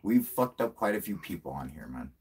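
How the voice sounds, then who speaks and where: Man hosting his own stream: husky voice, pitch swinging wildly, crude and excitable. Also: a little fast. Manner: profane, excitable storyteller who laughs often. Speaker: channel host. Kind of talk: casual livestream chat.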